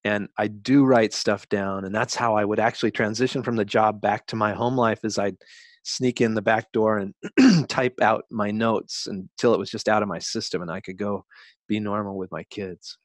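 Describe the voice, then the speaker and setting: Reflective man in his 60s, halting. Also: lowish voice, steady tone, no room sound, clean studio sound. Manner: reflective, halting storytelling with restarts. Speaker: guest writer. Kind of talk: interview conversation.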